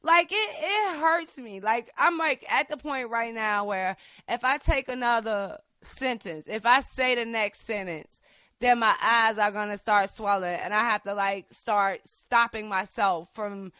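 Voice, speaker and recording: A woman hosting a podcast, talking in an impassioned, profane way that swings between quiet and loud. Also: mid-range voice, a little slow, smooth, no echo. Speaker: podcast host. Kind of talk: casual political chat.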